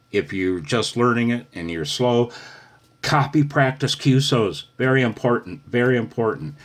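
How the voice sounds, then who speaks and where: An older man giving a casual, chatty radio lesson, often calling the listener "man". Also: sits low. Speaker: ham radio instructor.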